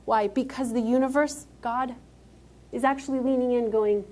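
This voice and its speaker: In a mellow, steady-toned voice on the high side, a woman speaks at normal speed during a motivational keynote on stage. Her delivery is emphatic and direct as she calls out to the crowd.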